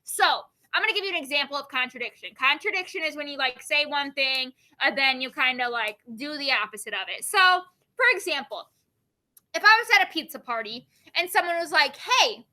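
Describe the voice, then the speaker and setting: Bright high-voiced woman teacher. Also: animated, fairly quick. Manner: explains with everyday examples, checks in with "okay?"; firm classroom directions. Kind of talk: classroom lesson.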